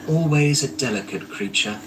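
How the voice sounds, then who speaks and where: A man voicing a gentle, solemn spirit in a calm, measured storybook reading. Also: mid-range voice, pitched above the performer's own voice, lightly acted. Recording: distant mic, faint background noise.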